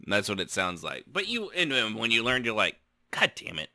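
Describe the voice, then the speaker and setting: A man's voice: fairly low pitch, huge pitch swings, fairly quick, pushed and bright, no room sound, studio quality. A man hosting a casual podcast chat, joking around, telling stories and laughing often. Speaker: podcast host.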